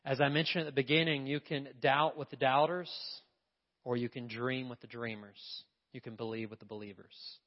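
A man's voice: medium pitch, flat delivery, normal speed. A male pastor preaching a sermon in a church, emphatic and often putting questions to the congregation. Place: church sanctuary. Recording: long reverb, dull lo-fi sound.

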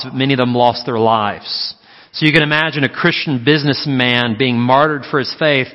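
Man preaching in an echoing hall. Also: a little high. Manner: preaching with slow, emphatic pauses on key phrases. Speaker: pastor. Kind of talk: sermon. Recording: muffled with long hall reverb.

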